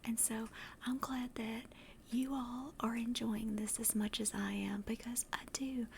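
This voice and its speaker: A woman with a Southern accent from Tennessee, talking in a soft, rambling whisper at home into a close mic, in a whispered role-play style. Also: on the high side, flat delivery, measured pace, vocal fry, slight background noise. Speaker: ASMR streamer. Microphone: close directional mic.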